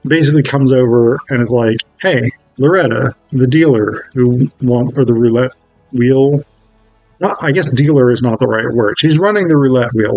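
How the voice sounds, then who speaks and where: A man's voice: mid-range voice, creaky, a little mellow, dry recording, poor audio. A man recapping a film in a casual, rambling way, with many fillers and self-corrections. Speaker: film reviewer.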